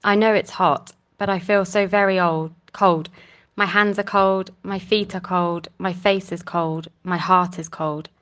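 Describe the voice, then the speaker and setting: Weary old outlaw woman, quiet and defiant, low-pitched, read by a woman narrator. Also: steady tone, measured pace, lo-fi sound.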